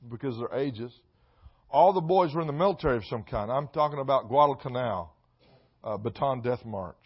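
A man preaching a sermon, repeating key phrases and swinging between quiet asides and shouted emphasis. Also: mid-range voice. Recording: dull lo-fi sound.

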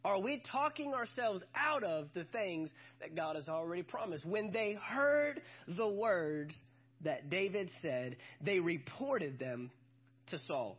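Male pastor, husky high-pitched voice, emphatic sermon delivery. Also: lively intonation, normal speed, muffled recording. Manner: emphatic, repeats key lines for effect.

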